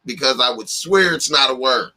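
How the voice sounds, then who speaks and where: A man's voice: mid-range voice, expressive, normal speed, pushed and bright, low-quality recording. A man co-hosting a casual talk show, teasing his partner in a playful, mock-exasperated way. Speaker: podcast co-host. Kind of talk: casual chat.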